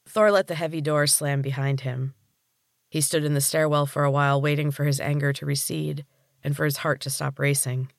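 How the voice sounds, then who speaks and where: A man narrating a story as a podcast reader with a steady storytelling read. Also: fairly high pitch, normal speed, vocal fry, dry recording, clean studio sound. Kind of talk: scripted audiobook narration.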